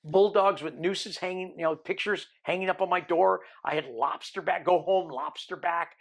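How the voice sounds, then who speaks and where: An older man, a podcast guest, tells his own story in a lively way and acts out the people he quotes. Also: sits high, normal speed, gravelly. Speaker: interview guest.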